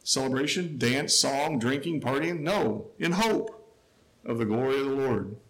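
A man preaching a sermon, quoting scripture with emphatic rises and quiet, lowered asides. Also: expressive, measured pace, low-quality recording. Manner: emphatic, rising to a near shout then dropping low.

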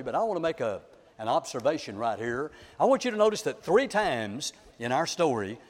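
A man's voice: on the high side, long reverb tail. A man preaching a sermon, telling a story in a dramatic, folksy way to the congregation.

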